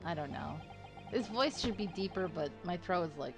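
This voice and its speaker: A woman's voice: on the low side, lively intonation, moderate pace, gravelly, over music. A woman giving chatty, giggly commentary as she plays a story game, with a tired throat from doing voices. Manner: chatty, giggly, self-deprecating. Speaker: gaming streamer. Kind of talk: casual let's-play commentary.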